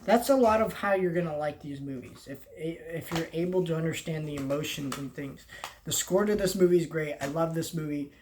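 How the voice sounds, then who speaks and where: Earnest, rambling young movie vlogger. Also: medium pitch. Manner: rambling and halting, often trailing off and restarting; earnest and heartfelt. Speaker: film vlogger. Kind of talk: casual movie talk to camera. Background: faint background noise.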